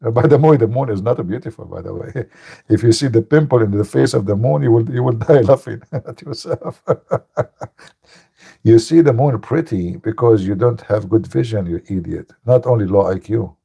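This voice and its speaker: A man's voice: fairly low pitch, normal speed, creaky, warm tone, breathy edge. A man hosting a live call-in stream, delivering a mocking, taunting monologue in broken English and laughing at his own jokes. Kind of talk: combative monologue.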